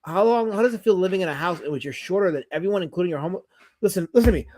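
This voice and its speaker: A man's voice: sits high, expressive, very fast, dark tone. A man hosting a casual livestream. He rambles, jokes, swears and reads viewers' comments aloud, and he sounds tired. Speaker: livestream host.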